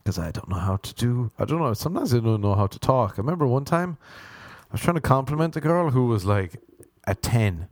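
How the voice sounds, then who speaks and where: A man's voice: medium pitch, expressive, a little fast, a little mellow, no room sound. A young Irish man doing a rambling comic monologue, self-mocking and meandering, with sudden sung bits and silly voices. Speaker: comedian.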